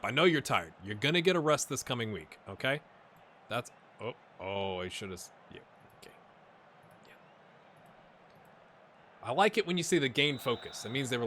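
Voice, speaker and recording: A middle-aged man giving live gameplay commentary on his football management game, swinging from low mutters to excited shouts. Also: a little hiss or hum. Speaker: gaming YouTuber.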